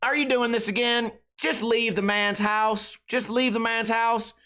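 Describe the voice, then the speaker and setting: A man putting on a worn-out middle-aged mother who is exasperated and has heard it all before. Her voice rises high and pleading as she begs someone to just go home. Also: fairly even intonation, measured pace, a bit bright.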